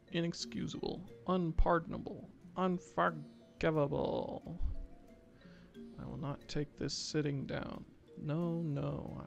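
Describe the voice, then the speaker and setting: A man's voice: a little high, creaky. A man voicing a lovesick, melodramatic kobold leader who stacks up synonyms. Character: lovesick timid kobold leader, newly resolute.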